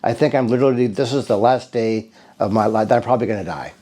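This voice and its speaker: Man, casual testimonial, rambling storyteller, earnest, mellow dark voice. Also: lowish voice, fast. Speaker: bodywork therapist giving a patient testimonial.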